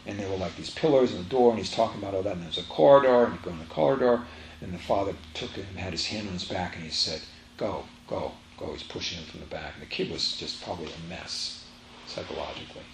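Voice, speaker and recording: A man's voice: deep voice, fast talker, slight background noise. A man giving a spiritual teaching talk to a live audience, emphatic and repeating his phrases as he tells a story. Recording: roomy echo, faint ambience.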